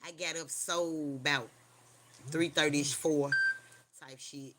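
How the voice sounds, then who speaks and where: Speaking slowly in a steady, mid-range voice over a noisy background, this livestream host rambles casually from home. The talk is slangy and profane, blending a creepy personal tale with street preaching, with frequent "you hear me?" check-ins to viewers.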